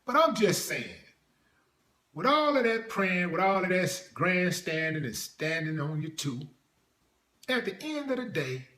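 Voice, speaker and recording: Sarcastic man with a lively voice. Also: high-pitched, measured pace, roomy sound. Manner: blunt, sarcastic, mocking impressions. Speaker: video commentator. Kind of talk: reaction commentary.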